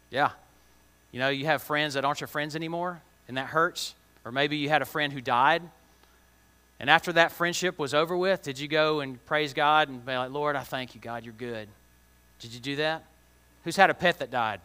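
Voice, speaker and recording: A kids' church teacher with a slightly high, pushed, bright yet clean voice speaks at a moderate pace. He chats through a children's Bible lesson, quizzing the kids in plain, slangy words, while a large hall adds long reverb.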